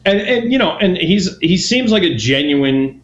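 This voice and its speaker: A man's voice: sits high, animated, measured pace. A man co-hosting a podcast in casual chat, easygoing and agreeable. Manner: easygoing, agreeable, many short backchannels. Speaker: podcast co-host. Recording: roomy, dull lo-fi sound.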